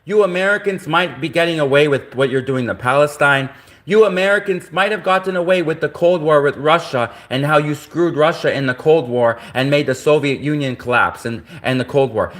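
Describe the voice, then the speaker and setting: Ranting Canadian man, somewhat high voice. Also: a bit bright. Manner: repetitive, indignant ranting. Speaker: livestreamer. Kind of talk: ranting livestream monologue.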